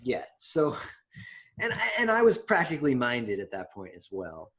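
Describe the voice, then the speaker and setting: A young man co-hosting a podcast, telling stories in a relaxed, chatty way with many fillers and restarts. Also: mid-range voice, moderate pace, crowd noise. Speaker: podcast co-host. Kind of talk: casual chat.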